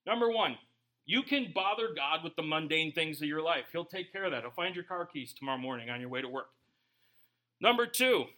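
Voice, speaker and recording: A man preaching a sermon as a pastor, joking and talking to the congregation in a casual, animated way. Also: high voice.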